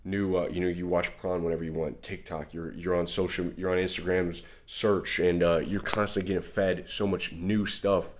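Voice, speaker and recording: A young man with a very low voice talks earnestly about confidence and self-improvement. His delivery is casual and loose, with many fillers and restarts as he pushes his points. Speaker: men's self-improvement coach. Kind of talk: casual motivational talk to camera.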